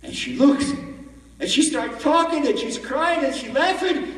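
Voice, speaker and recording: A man giving an animated storytelling sermon as a rabbi at a conference, recorded from far off in a large echoey hall. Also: very high-pitched, unhurried. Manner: animated, acts out the story in voices.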